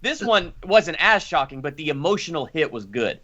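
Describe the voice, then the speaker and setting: A man chatting casually about a film, excitable and openly emotional. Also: on the high side, moderate pace. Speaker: guest. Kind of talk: casual discussion. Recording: lo-fi online call audio.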